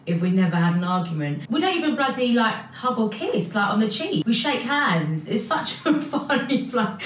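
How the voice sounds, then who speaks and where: A woman's voice: medium pitch, far from the mic. A young woman talking to camera in a personal vlog, chatty and emotional, with lots of "like". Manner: chatty, emotional, says "like" a lot. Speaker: vlogger. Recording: echoey room, mic set back.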